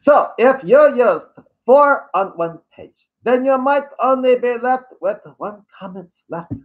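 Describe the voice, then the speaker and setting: A man's voice: very high voice, lively intonation, measured pace, voice pushed up. A man voicing a condescending male online commenter in a put-on thick accent, lecturing and sneering. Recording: tinny phone-like audio.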